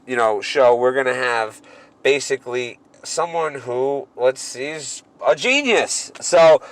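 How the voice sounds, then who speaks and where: A man in his thirties co-hosting a casual podcast, telling stories in a profane, animated way. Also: mid-range voice, slow pace. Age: 30s. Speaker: podcast co-host.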